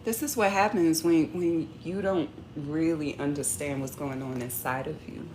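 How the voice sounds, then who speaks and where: A woman's voice: low voice, moderate pace, noisy background. A woman talking casually to her audience as a relationship coach, sassy and conversational. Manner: animated, acts out quoted arguments. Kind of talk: casual talk to camera.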